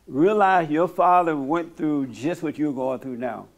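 A man hosting a church gathering, with a voice a little higher than most men's. He talks bluntly and plainly, and turns slow and soothing when he guides a silent prayer. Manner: blunt, plain-spoken, teasing; slow, soothing instructions during meditation. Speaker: host leading a church meeting.

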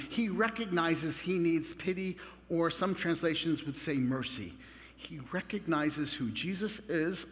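A man preaching a Catholic sermon in a relaxed, conversational way, with joking asides to the congregation. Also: a little high. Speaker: Catholic priest. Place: large church. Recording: long church reverb.

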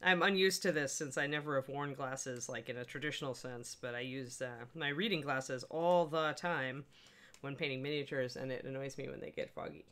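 A woman's voice: a bass voice, normal speed, a bit bright. A middle-aged woman hosting a casual live-stream painting tutorial, chatty and upbeat, greeting viewers by name. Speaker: miniature painting instructor, stream host.

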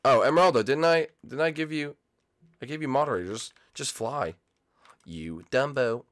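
Excitable young man commentating gameplay. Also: medium pitch, normal speed. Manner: excitable, jumpy, talks to viewers and players. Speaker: gaming channel host.

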